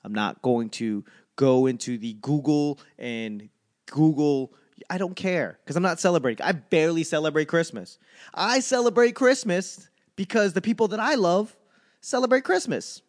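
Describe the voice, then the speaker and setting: A man doing a rambling, animated stand-up comedy monologue, ranting with frequent fillers. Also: on the high side, moderate pace.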